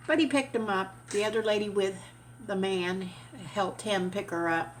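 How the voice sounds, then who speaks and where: A woman vlogger telling a story in an animated, chatty way, with casual swearing. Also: medium pitch, moderate pace, slight background noise.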